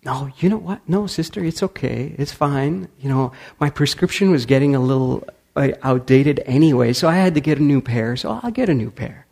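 A man voicing a calm, kind man in his seventies who answers rudeness gently. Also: mid-range voice, moderate pace, vocal fry. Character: calm, gentle seventy-three-year-old man of principle.

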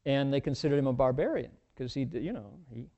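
Folksy male dharma teacher, mellow. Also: medium pitch, expressive, fast talker, muffled recording. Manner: folksy, humorous, meandering. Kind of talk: folksy dharma talk storytelling.

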